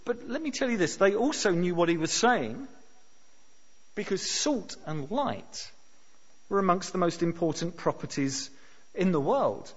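A man with a high voice delivers a sermon, stressing key words with sudden force and almost shouting them. The recording sounds muffled and lo-fi. A long reverb trails behind him, as in a large church hall. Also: lively intonation, measured pace, breathy edge. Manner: emphatic, rises to near shouts on key words. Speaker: preacher.

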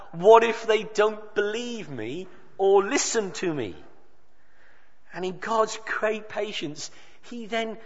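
Man preaching in an echoing hall. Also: sits high. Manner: emphatic, with dramatic pauses and quoted dialogue. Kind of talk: sermon. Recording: dull sound with long reverb of a hall.

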